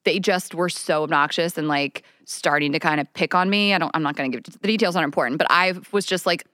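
Lower-pitched woman, candid podcast host. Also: a little fast, hardly any pauses, a bit bright, no echo, clean studio sound. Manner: candid storytelling, frequent swearing. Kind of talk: casual chat.

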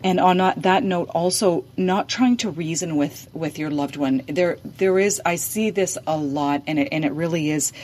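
A woman's voice: low-pitched, normal speed, hardly any pauses, a little mellow. A woman giving practical advice on dementia caregiving, speaking hesitantly with frequent fillers and restarts. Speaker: dementia care advisor. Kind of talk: advice in a podcast conversation.

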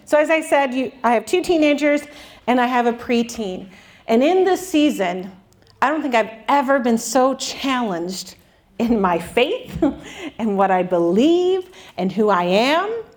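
A woman's voice: fairly high pitch, expressive, a little slow. A woman in her forties giving an earnest, candid faith talk with touches of self-deprecating humor. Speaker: Christian speaker.

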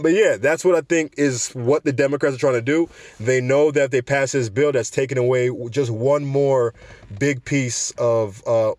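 A man's voice: medium pitch, a little mellow, no room sound. Casual man reading news and commenting. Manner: trips over words, corrects himself, breaks off for opinions. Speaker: show host.

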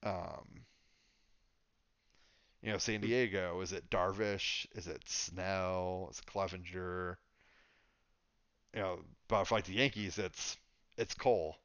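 A man's voice: deep voice, fairly even intonation, takes it slowly, long pauses, a bit bright, clear, resonant tone, no echo, muffled recording. A man co-hosting a podcast, chatting casually and thinking aloud with lots of fillers. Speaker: podcast co-host. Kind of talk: casual sports chat.

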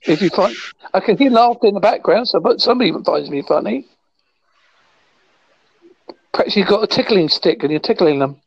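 A man's voice: high-pitched, animated, brisk, vocal fry, pauses often, breathy edge, dry recording, dull audio. A man from the United Kingdom chatting online with dry, playful jokes. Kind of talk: casual online voice chat.

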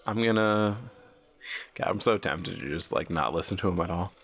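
A low-voiced man with a gravelly rasp plays at a tabletop game. He talks things through out loud with a wry tone. It is casual game chat among friends. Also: normal speed. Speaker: player.

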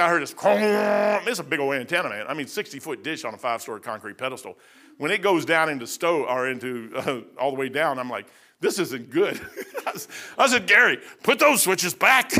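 Folksy, bright-voiced preacher. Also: male voice, high voice. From United States. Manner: folksy, blunt, conversational, many fillers and asides. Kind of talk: sermon with personal stories.

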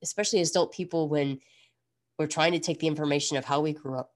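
A fast-talking woman in her thirties with a low voice hosts a podcast. Her chat is casual yet reflective, lively and rambling, often drifting into asides.

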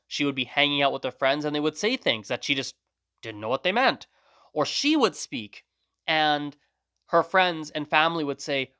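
A man's voice: fairly high pitch, normal speed, pushed and bright, dry recording, clean studio sound. A man hosting a language learning podcast, talking casually in a rambling, self-correcting way. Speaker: podcast host. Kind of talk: casual solo monologue.

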